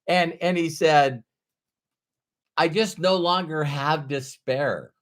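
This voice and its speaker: Slow, emphatic motivational speaker man. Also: on the high side. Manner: emphatic, repeats key phrases. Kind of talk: motivational talk to camera.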